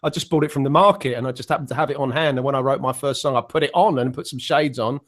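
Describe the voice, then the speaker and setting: A man's voice: medium pitch, quick pace, fairly bright tone. An Englishman chatting on a video call as a guest musician, rambling and self-deprecating, with many restarts. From England. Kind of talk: casual online panel chat.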